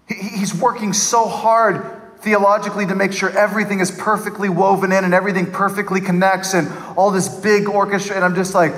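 A man preaching with a high, light voice, talking to the congregation like a friend and slipping into mimicry. The sound carries a long reverb from a large hall. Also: a little fast. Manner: animated, mimics people in funny voices. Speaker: pastor. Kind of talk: sermon.

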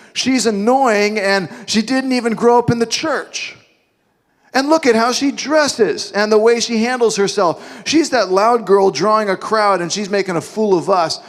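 A man's voice: high voice, voice pushed up, natural voice. A man doing snippy, dismissive disciples. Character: scornful impatient male disciples. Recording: long hall reverb.

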